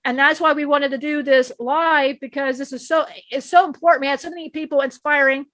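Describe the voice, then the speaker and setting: A woman's voice: sits high, fairly even intonation, a little fast, a bit bright, dry recording. A woman channeling an ancient male divine being, giving an emphatic spiritual teaching with many repeats and restarts. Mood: earnest.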